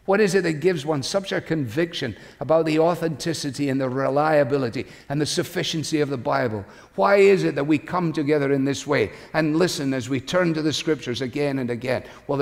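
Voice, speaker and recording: A male pastor delivering a sermon in a measured, reflective way. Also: medium pitch, vocal fry. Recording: reverberant hall recording.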